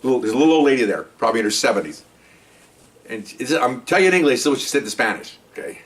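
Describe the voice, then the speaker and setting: Guy telling old cop stories, rambly and animated, kinda far from the mic. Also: medium pitch, fast talker. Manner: rambling, animated storytelling with acted-out quotes and laughter. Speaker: retired police officer telling stories. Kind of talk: casual storytelling.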